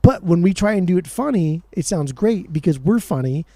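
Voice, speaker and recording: A man co-hosting a music podcast, talking in quick, excitable bursts and swearing freely. His voice sits a little high but sounds mellow and warm. The recording is dry and close. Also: no room sound. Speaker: podcast co-host. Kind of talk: casual chat about music.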